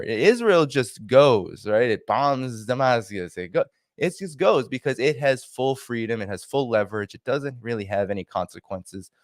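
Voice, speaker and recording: A man speaking as a guest commentator on a livestream, arguing his points forcefully. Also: mid-range voice, no room sound, clean studio sound.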